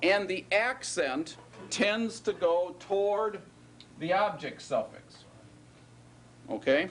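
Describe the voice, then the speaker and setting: Speaking slowly in a high-pitched, animated and slightly bright voice, a man lectures a class on Hebrew grammar. He talks conversationally and keeps checking in with his students, often saying "right?" and "okay?".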